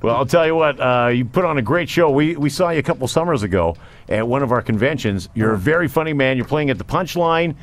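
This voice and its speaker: Male radio host from Canada, mid-pitched and relaxed, chuckling and chiming in briefly. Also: quick pace. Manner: easygoing, chuckling, brief interjections. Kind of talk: radio interview. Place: radio studio.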